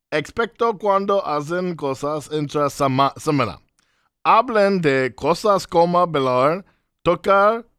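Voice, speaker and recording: A man's voice: a little high, fairly bright tone, smooth, dry recording, clean studio sound, voice pushed up. A man putting on a hammy accented ad voice.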